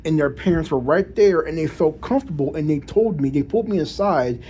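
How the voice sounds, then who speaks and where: A man's voice: a little high, lively intonation, fairly quick, warm tone, slight background noise. A man talking casually to camera in a monologue, with proper, careful diction and frequent restarts and repeated words. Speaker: vlogger.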